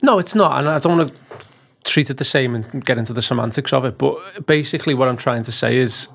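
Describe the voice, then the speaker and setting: A male podcast guest talking football, with a gravelly, fry-heavy voice at a middle pitch. He speaks in a measured, thoughtful way, pausing on the odd filler as he builds his point. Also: a bit bright. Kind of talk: casual football podcast chat.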